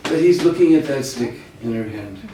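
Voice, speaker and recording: A man preaching a devotional story sermon, animated and addressing listeners, recorded in a large hall. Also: medium pitch, normal speed, background noise. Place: large indoor hall at a summer camp. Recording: echoey hall from far off, faint ambience.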